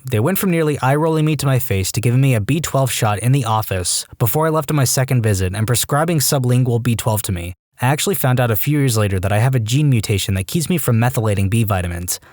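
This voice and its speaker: A man narrating reddit stories aloud, reading in a brisk, even voice. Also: medium pitch, no room sound, studio quality. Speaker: story narrator.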